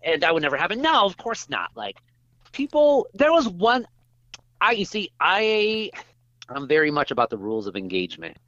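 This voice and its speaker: A man with a fairly high, animated voice, guesting on a casual interview. He is self-mocking and tells stories, voicing other people in quick bits. The sound is dry and a little dull and lo-fi. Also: no room sound. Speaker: journalist guest.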